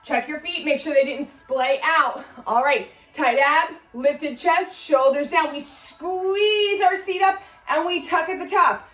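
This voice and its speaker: A woman with a high voice coaches a workout at an unhurried pace, cueing form and counting reps. She sounds a little winded. The voice is a bit away from the mic in an echoey room, with faint music underneath. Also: a bit bright, far from the mic. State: out of breath. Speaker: fitness instructor. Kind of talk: guided workout instruction.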